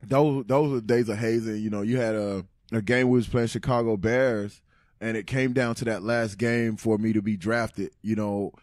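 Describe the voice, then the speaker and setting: A man in his thirties from Tennessee, a former pro football player telling stories as a guest in a casual interview, animated and laughing often. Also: fairly low pitch, normal speed, no echo, clean studio sound.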